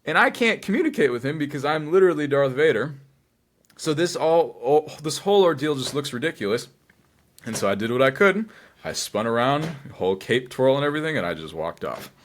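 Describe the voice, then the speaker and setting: A man guest telling a story with dramatic flair, dropping into hushed asides for his inner voice. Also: fairly high pitch, big pitch swings, brisk. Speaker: cosplayer guest. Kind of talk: animated storytelling.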